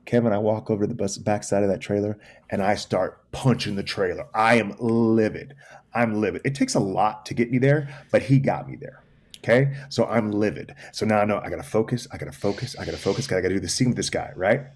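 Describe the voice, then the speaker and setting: A man's voice: lowish voice, fast, darkish tone. A man in his forties from Texas, a guest on a podcast, telling a story and acting out other people's lines, repeating phrases for emphasis. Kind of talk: casual storytelling chat.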